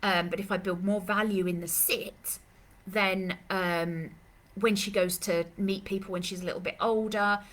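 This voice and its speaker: A woman's voice: medium pitch, steady tone, normal speed, hardly any pauses, fairly bright tone. A woman dog trainer answering questions in a live Q&A, chatty and rambling, with lots of fillers and restarts, speaking. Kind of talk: live Q&A session.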